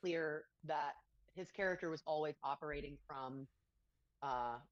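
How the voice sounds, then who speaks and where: Low-voiced woman answering in an interview. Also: measured pace, no echo, highs cut off. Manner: thoughtful, searching for words.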